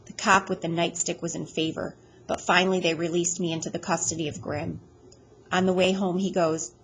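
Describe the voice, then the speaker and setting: Low-voiced woman reading an audiobook. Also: little pitch movement, a little fast, fairly bright tone, a little hiss or hum, poor audio. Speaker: audiobook reader. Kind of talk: first-person audiobook narration.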